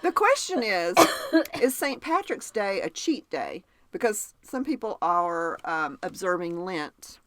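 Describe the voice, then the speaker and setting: A woman's voice: on the low side, fairly bright tone, no echo. A woman with a Southern accent hosting a podcast in casual chat, who laughs often and keeps asking her cohost questions. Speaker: podcast host.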